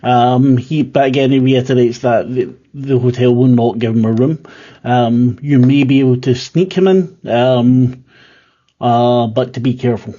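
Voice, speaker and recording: A man's voice: mid-range voice, steady tone, measured pace, warm tone, dull audio. A man running a tabletop horror game as keeper, talking casually with lots of fillers and restarts. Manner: rambling, filler-heavy, self-deprecating.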